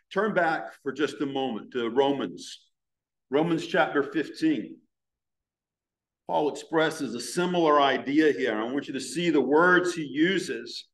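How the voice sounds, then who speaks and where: A man preaching a sermon as pastor, earnest, slowing down to stress words from scripture. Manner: prays in a hushed, low voice.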